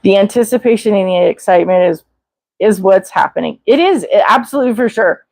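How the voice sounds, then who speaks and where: An older woman hosting a casual live chat, talking in an excitable, rambling way with many restarts. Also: mid-range voice, brisk, creaky, no echo, poor audio. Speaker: livestream host.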